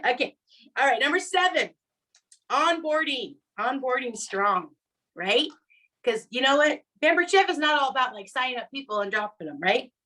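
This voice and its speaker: Speaking high and bright with a forceful tone, a middle-aged woman who directs sales gives her team a lively coaching talk full of "right?" and "okay?" check-ins. She performs quoted customers in exaggerated voices. It's a low-quality recording.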